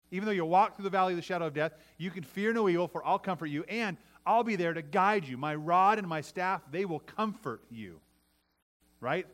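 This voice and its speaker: A man's voice: sits high, a bit bright. A middle-aged man preaching a sermon in a conversational way, often asking his listeners "right?" and restarting his phrases. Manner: conversational preaching with many restarts and tag questions. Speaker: pastor.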